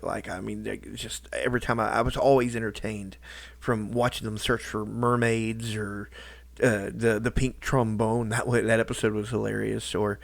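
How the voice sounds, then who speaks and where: A man talking in a casual personal vlog, halting and rambling, with lots of restarts and fillers. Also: mid-range voice, creaky, no echo. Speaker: YouTuber.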